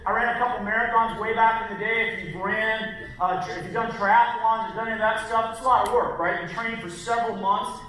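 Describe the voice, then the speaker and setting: A man giving an energetic, punchy motivational talk on stage, speaking directly to the crowd in a large hall. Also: very high voice. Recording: echoey hall from far off, faint noise.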